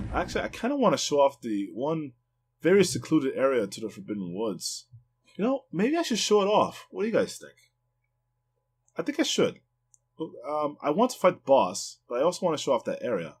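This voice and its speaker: A young man hosting a let's play, giving rambling, excitable gameplay commentary and swearing freely. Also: mid-range voice, breathy edge.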